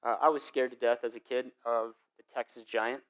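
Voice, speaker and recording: A young adult man, the lead pastor of a church, preaching a sermon in an animated, casual storytelling way with lots of slang. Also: mid-range voice, a little fast, clean tone, muffled recording.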